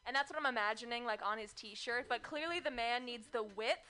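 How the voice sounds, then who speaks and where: A woman gives casual notes on a comedy set at a joke workshop, filling her sentences with "like." Her voice is bright and forceful and sits a little high. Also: fairly quick. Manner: casual, filler-heavy notes. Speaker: fellow comedian giving notes. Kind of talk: workshop feedback.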